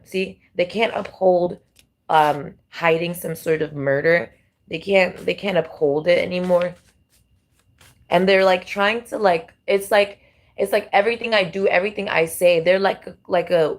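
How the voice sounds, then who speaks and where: A woman gives a casual tarot reading, circling back and repeating herself as she talks. Her voice sits slightly low for a woman. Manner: rambling, repetitive, heavy on fillers. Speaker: tarot reader.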